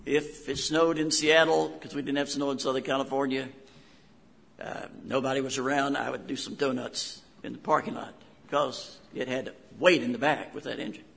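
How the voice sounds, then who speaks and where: A man's voice: medium pitch, steady tone, normal speed, vocal fry, a bit bright, big-room sound. An older man with a West Virginia accent, a pastor preaching a sermon in a folksy storytelling way with homespun asides.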